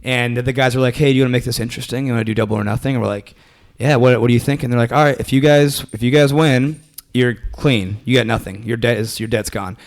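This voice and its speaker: A young man talks quickly, piling up fillers and restarts as he spins a story. His pitch sits in the middle for a man, and he tells it as a comedian in a loose, casual interview. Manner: rambling, animated, lots of fillers and restarts. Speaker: comedian guest.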